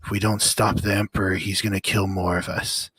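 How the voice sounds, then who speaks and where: City defender under siege, urgent, low husky voice, a man plays him. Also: level tone, a little fast, a bit bright, no room sound. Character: desperate defender of a besieged city.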